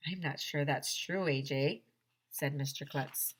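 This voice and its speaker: A woman teacher reading a children's chapter book aloud, animated and full of character voices. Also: low-pitched, measured pace, slightly rough. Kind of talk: children's storybook read-aloud.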